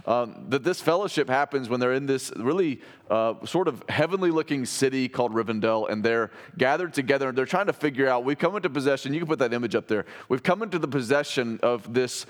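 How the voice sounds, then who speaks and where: Conversational male pastor in a reverberant hall. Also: medium pitch. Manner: conversational, with frequent restarts and fillers. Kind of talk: sermon. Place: church sanctuary.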